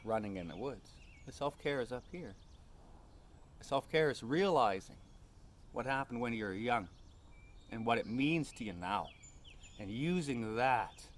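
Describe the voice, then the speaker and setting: A man telling a personal story in an earnest, rambling way, full of fillers. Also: fairly low pitch.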